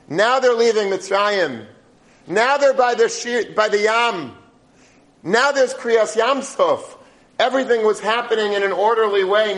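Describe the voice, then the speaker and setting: A man's voice: sits high, a bit bright. A man teaching on the weekly Torah portion, emphatic and full of rhetorical questions.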